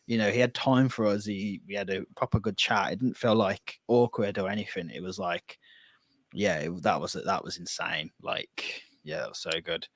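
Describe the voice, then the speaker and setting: A man's voice: sits low, steady tone, moderate pace, no room sound. A man co-hosting a podcast, reading out listener messages and chatting casually, with many fillers. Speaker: podcast co-host.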